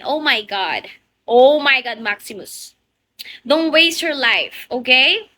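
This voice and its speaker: A woman with a Filipino accent and Tagalog as her first language, hosting a casual livestream chat. She teases her viewers in a playful, laughing way. Her voice sits high and swings widely in pitch, with an unhurried pace. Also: expressive, sharp tone. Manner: playful, teasing, laughs often.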